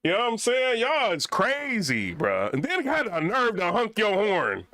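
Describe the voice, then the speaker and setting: A man's voice: high voice, huge pitch swings, a little slow, sharp tone. A young man vlogging in a casual, rambling rant full of slang.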